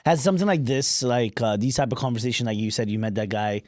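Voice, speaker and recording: A man's voice: medium pitch, fast talker, a little mellow, dry recording, clean studio sound. A man co-hosting a podcast, asking the guest rambling, hesitant questions in casual chat. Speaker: podcast co-host.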